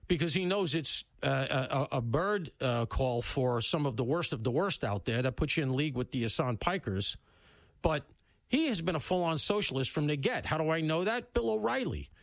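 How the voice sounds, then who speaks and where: A man hosting a talk radio show, talking bluntly and casually, with loud emphatic bursts and low asides. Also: no echo. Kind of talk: opinionated talk radio monologue. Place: radio studio.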